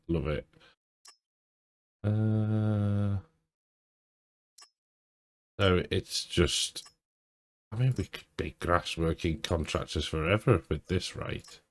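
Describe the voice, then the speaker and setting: A man's voice: deep voice, very slow, pauses often. A man giving casual let's-play commentary, thinking aloud and chuckling to himself. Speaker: game streamer.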